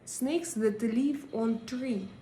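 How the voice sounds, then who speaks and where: A woman hosting a live stream and chatting with viewers, hesitant and pausing often as she searches for her English words. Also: a little high, dark tone, echoey room, slight background noise, rough recording. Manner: hesitant, many pauses and fillers while searching for English words. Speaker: livestream host. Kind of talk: casual live chat, answering viewer comments.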